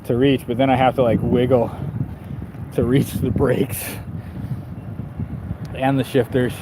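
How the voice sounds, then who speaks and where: A man's voice: mid-range voice, little pitch movement, unhurried. A man streaming live while riding a bike through town, rambling and self-deprecating with frequent laughs. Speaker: bike shop owner and vlogger. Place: outdoors on town streets with passing traffic. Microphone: camera on the rider, action camera. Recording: outdoor street noise from traffic. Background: traffic and street sounds.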